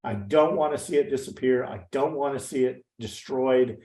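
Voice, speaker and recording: A man's voice: medium pitch, normal speed, warm tone. Older male guest presenter, heartfelt and earnest, echoey call audio. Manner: earnest, heartfelt, with many restarts. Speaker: guest presenter, nature interpreter. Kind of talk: presentation to educators.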